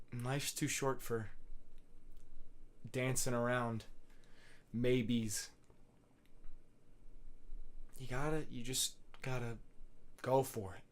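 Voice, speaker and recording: A young man hosting a solo podcast, giving a rambling, earnest pep talk full of fillers and swearing. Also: on the low side. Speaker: podcast host.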